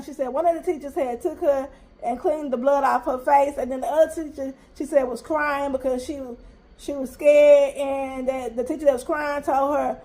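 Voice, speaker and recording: Woman, high voice, animated and emphatic, exasperated mom telling a storytime. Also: moderate pace. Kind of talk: storytime vlog.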